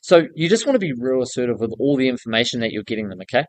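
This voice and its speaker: A man talks straight to the camera like a coach, direct and casual with some slang, often tagging points with "okay?". His voice sits at an ordinary middle pitch and sounds close and dry. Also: expressive, fast, few pauses, dry recording. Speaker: building contractor coaching newcomers. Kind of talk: casual advice vlog.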